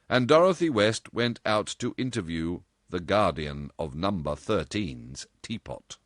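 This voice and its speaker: A man reading a novel aloud as audiobook narration with an expressive delivery. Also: low-pitched, unhurried, few pauses, dry recording, studio quality. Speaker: audiobook reader.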